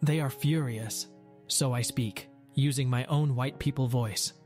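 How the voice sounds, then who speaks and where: Male store manager reading a story aloud, middle pitch, wry and dramatic, soft music behind. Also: fairly even intonation, unhurried.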